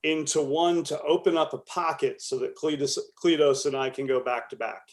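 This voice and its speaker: A man with a slightly higher voice, playing in a tabletop game. He thinks out loud about rules, hesitant and unhurried. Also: fairly even intonation. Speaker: player. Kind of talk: casual tabletop play.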